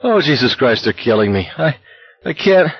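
A man's voice: medium pitch, sing-song, moderate pace, breathy edge, no echo, dull audio, pitched above the performer's own voice. A man voicing a young male marcher, giddy, breathless and desperate. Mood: gasping.

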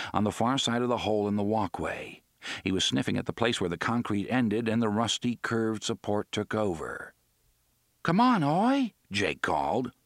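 A man narrating an audiobook in a measured, dramatic storytelling manner. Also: fairly low pitch, no echo, studio quality.

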